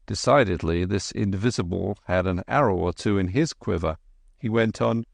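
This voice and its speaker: A man reading a classic adventure novel aloud as an audiobook narrator, in a measured, even storytelling manner. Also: fairly low pitch, gravelly, no echo, clean studio sound. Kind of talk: scripted narration.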